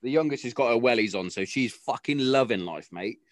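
A man's voice: mid-range voice, expressive, fairly quick, no echo. A young British man telling a blunt, sweary story in casual chat.

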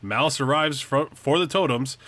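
A man's voice: mid-range voice, fairly bright tone, no echo. A man co-hosting a podcast, reading a recap aloud with small stumbles. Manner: halting, stumbles over words. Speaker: podcast co-host. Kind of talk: reading a recap, then casual chat.

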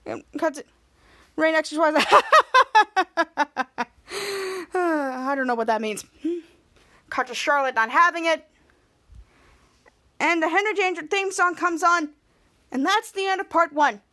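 A woman's voice: very high voice, normal speed, long pauses, sharp tone. A young adult woman hosting a podcast, giving a rambling casual recap and stringing scenes together. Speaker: podcast host.

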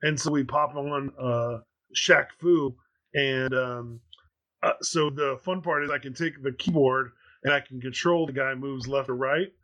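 A man's voice: medium pitch, unhurried, fairly bright tone, highs cut off. A man in his thirties hosting a podcast, telling a rambling story in casual chat with plenty of fillers. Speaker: podcast host.

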